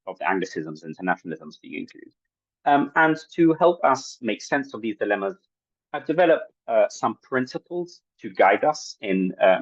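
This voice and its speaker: A man giving an academic talk at an online workshop, halting and full of fillers, on video-call audio. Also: on the low side, breathy edge, no room sound, highs cut off. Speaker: workshop presenter.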